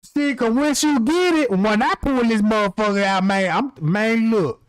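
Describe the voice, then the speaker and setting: A man with a country-sounding voice hosting a stream, ranting in a brash, profane, animated way. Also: high-pitched, normal speed, clean tone, no room sound. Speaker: livestream host. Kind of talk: casual ranting commentary.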